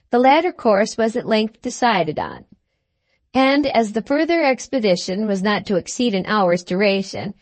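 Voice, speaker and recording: A woman narrates a classic audiobook with measured, expressive storytelling. Her voice sits a little high. The recording is close and dry. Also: no echo. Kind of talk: scripted narration.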